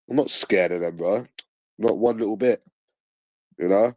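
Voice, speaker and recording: A man's voice: lowish voice, normal speed, mellow, dry recording, highs cut off. A man in his late twenties with a London accent, ranting casually with heavy swearing and street slang. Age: late 20s. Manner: swearing, boastful, aggressive slang.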